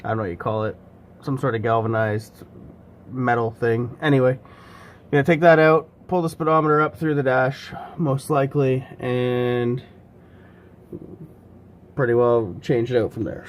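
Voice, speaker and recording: Speaking a little slowly with frequent pauses, a medium-pitched home mechanic shows how to do a repair on a car in his workshop. He rambles, corrects himself, and breathes heavily from the labor. The recording comes from a camera he set up alone, with dull audio and slight background noise.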